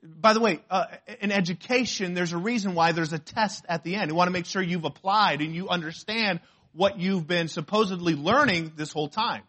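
High-voiced man preaching a sermon. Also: a little fast. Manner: animated storytelling, shouts when acting out pain. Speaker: pastor. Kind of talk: sermon with a personal story.

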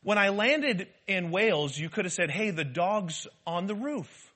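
A woman's voice: lively intonation, measured pace, a bit bright, slightly rough. A man putting on a fussy, exasperated wife who scolds her husband, as a joke told in a sermon. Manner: exasperated, scolding, high-pitched. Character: fussy upset wife, middle-aged woman.

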